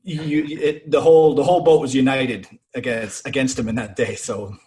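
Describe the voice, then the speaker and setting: Male podcast guest, lively salty navy storyteller, mid pitch. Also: normal speed. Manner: profane, animated anecdotes with quoted voices. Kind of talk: casual storytelling.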